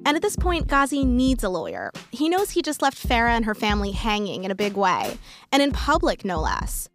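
A woman hosting and narrating a radio story in a measured, scripted storytelling delivery, with music playing underneath. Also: fairly high pitch, huge pitch swings. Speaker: host and narrator.

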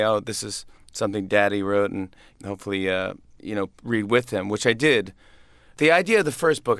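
Chatty comedian dad on a dry mic. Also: male voice, on the low side, fairly bright tone, dry recording. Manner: chatty, laughing, with many restarts. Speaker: comedian guest. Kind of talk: casual interview conversation.

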